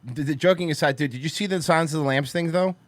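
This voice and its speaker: A man co-hosting a podcast, chatting casually with halting, stammering restarts. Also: on the high side, dry recording. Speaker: podcast co-host. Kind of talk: casual chat.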